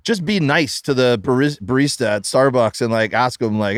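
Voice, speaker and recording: Male podcast guest, sincere and relaxed, mid-pitch, dry close mic. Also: brisk, dry recording. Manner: earnest, sincere opinions in an easygoing tone. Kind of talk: casual chat.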